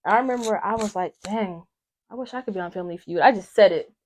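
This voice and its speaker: A young woman from Atlanta, talking as a guest in a casual chat. She tells her stories with lots of energy and slips into the voices of her family members. Her voice sits at a middle pitch. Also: fast talker, darkish tone. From Atlanta, Georgia. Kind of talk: casual storytelling.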